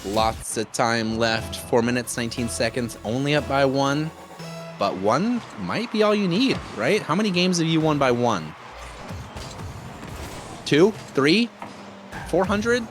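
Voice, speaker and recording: A man casting a live esports match as play-by-play commentator, jokey and excitable with loud bursts of enthusiasm. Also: mid-range voice, moderate pace. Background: music.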